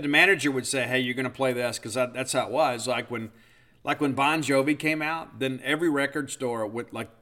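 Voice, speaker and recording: With a mid-range voice and sharp tone, this man in his fifties hosts a podcast. He's spinning a casual, meandering monologue about himself, self-deprecating and loaded with fillers.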